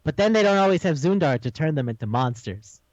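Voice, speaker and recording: Profane, animated man recapping a show. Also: fairly high pitch, a little fast, no room sound. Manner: animated, profane, acts out characters' lines. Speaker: podcast co-host. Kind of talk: casual recap chat. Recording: dull lo-fi sound.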